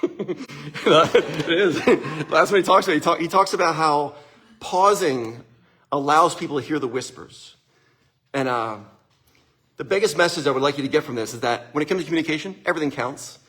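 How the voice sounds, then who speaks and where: A middle-aged man hosting a casual motivational talk, an animated storyteller who acts out family conversations. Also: on the high side. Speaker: host.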